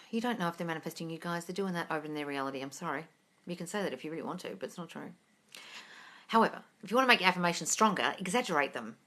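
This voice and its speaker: A woman's voice: fairly low pitch, expressive, racing, bright, forceful tone. A woman hosting a livestream Q&A, answering viewer questions in a blunt, profane, exasperated way and calling listeners darling.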